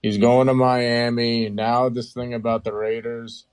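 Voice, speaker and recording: A man co-hosting a casual sports chat, speaking in a calm, matter-of-fact way. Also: medium pitch, measured pace, clear, resonant tone, dry recording.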